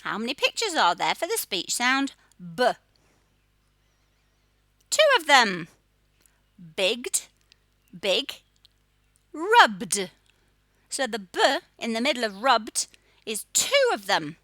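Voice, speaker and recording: A woman teaching young children to read, her voice bright and clear, with a dry, close sound and no room around it. She speaks slowly and sounds out each letter in a lively, sing-song way that rises high and drops low. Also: dry recording. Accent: Australian. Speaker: phonics teacher. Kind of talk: children's phonics lesson.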